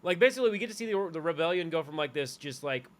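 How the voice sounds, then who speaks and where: A man with a somewhat high voice co-hosting a casual podcast. He rambles loosely, leaning on "like" and restarting his sentences. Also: animated, rapid-fire. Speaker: podcast co-host. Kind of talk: casual chat.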